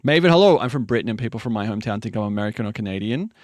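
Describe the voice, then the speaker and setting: A man's voice: fairly low pitch, lively intonation, rapid-fire, dry recording. A man with a Queensland Australian accent, hosting a live stream and chatting casually with viewers, laughing and swearing, and sleepy. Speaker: livestream host. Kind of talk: casual chat reading viewer messages.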